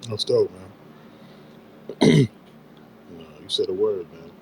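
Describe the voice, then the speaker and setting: A man with a very deep voice speaks in a laid-back, appreciative way in a casual audio chat. He sounds a bit far from the microphone. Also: slow pace, a little hiss or hum.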